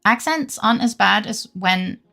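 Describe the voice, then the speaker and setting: Gravelly, bright-voiced young woman streamer. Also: medium pitch, expressive, moderate pace, faint music behind. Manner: rambling, chatty, swears freely, laughs often. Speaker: game streamer reading chat. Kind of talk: casual live-stream chat.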